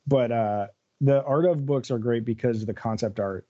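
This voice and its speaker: A man hosting a podcast in a relaxed, laid-back chatting way. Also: mid-range voice, normal speed, dry recording, highs cut off. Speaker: podcast host. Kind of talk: casual fan chat.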